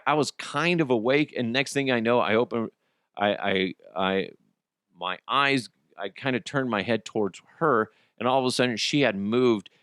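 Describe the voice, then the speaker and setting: A middle-aged man hosting a podcast, telling comic stories in a casual monologue, swearing and acting out quotes in high voices. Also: a bit bright, no echo, clean studio sound. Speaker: podcast host.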